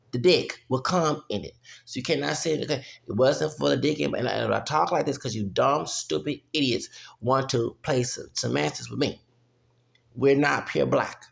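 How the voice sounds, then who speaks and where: A man's voice: mid-range voice, vocal fry. A man, ranting heatedly and profanely in a vlog, often breaking off with "okay?". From United States. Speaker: vlogger. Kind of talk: heated opinion rant.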